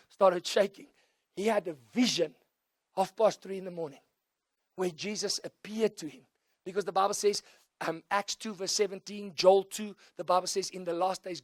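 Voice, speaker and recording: A middle-aged South African man preaching with a high voice, swinging from hushed storytelling up to loud calls the congregation answers. The sound is dry and close, with little room echo. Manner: switches between soft storytelling and loud call-and-response shouting. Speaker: pastor. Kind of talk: sermon.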